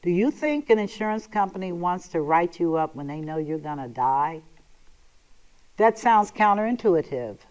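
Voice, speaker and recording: A woman's voice: lowish voice, lively intonation, moderate pace, a little mellow, clear, resonant tone, low-quality recording. A woman hosting a talk show, speaking in an emphatic, sassy and sometimes sarcastic monologue. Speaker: host.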